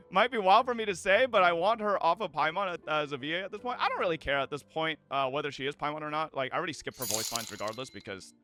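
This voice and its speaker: A male streamer rants to his chat in a high, bouncy voice that swings all over. He is profane and quick to laugh, and his tone is bright and forceful. Faint music plays underneath. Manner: animated, profane, laughs often, addresses chat. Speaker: streamer reacting to clips. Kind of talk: casual live-stream commentary.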